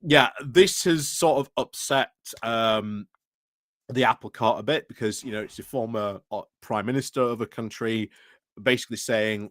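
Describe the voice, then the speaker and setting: A man's voice: medium pitch, normal speed, fairly bright tone, no echo, studio quality. A man talking through world news in a casual chat, explaining at length. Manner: explains at length, with fillers and restarts. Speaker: regular guest.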